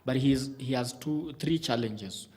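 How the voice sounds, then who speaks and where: A man's voice: medium pitch, a little slow, darkish tone. Man coaching in a TV studio. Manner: methodical, lists points, frequent restarts. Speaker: communication coach guest. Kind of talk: studio advice talk.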